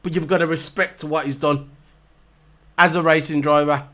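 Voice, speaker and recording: Casting note: man, high voice, heated mocking vlog rant full of repetition. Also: fairly even intonation, normal speed, bright, forceful tone. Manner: heated, repetitive, mocking, hammers points over and over. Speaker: vlogger reviewing races. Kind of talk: ranting casual monologue to camera.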